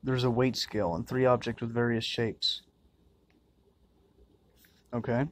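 A man's voice: mid-range voice, fairly even intonation, a little slow. A man doing crude, joking commentary while playing a horror game, muttering and swearing to himself. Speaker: let's-play gamer.

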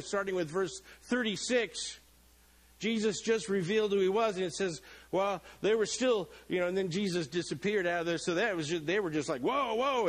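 A man's voice: sits high, poor audio. A middle-aged male pastor preaching a sermon in a church, joking and acting out the people in the story. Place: church sanctuary.

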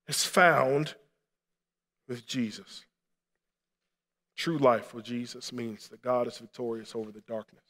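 A male pastor delivers a sermon at a mid-range pitch, his voice carrying a long reverb through a church hall. He talks earnestly and pleads more strongly as he goes on. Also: a little slow, pauses often, a bit bright. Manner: earnest preaching, rising to impassioned appeals. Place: church sanctuary.

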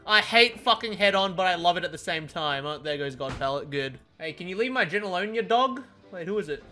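A young man giving excitable, profanity-laced live commentary on his gameplay. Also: sits high, a little fast. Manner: excitable, swearing, laughing often. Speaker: gaming streamer.

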